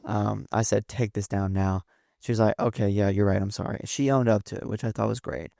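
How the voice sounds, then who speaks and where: Gravelly young man telling stories. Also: on the low side, steady tone, fast, mellow, dry recording, clean studio sound. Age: young adult. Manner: rambling with many fillers and restarts. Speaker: podcast guest, son of host. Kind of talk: casual storytelling chat.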